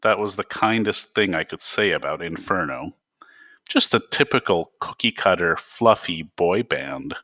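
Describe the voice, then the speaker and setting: A man's voice: deep voice, a little slow, bright, forceful tone, dry recording. A man reading his own novel aloud in a dry, wry first-person voice.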